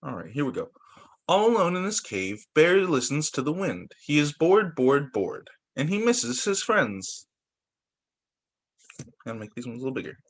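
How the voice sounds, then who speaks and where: A male teacher reading picture books aloud to children over a video call, animated and expressive. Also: fairly high pitch, normal speed.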